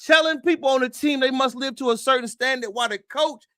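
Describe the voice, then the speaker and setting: A high-pitched man hosts an opinionated livestream, talking straight to his viewers. He hammers points with rhetorical questions and repeated phrases and sometimes breaks into a shout. The sound is dry and close, with no room echo. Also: quick pace. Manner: emphatic, rhetorical questions, addresses viewers directly. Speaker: livestream host.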